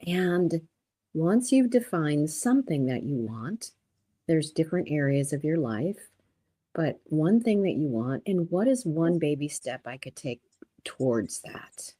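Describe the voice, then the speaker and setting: A woman with a very low-pitched voice, speaking as a guest on a podcast. She is mostly calm and reflective. She grows animated when she retells a story. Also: measured pace. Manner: calm and reflective, turning animated while telling stories. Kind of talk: casual interview chat.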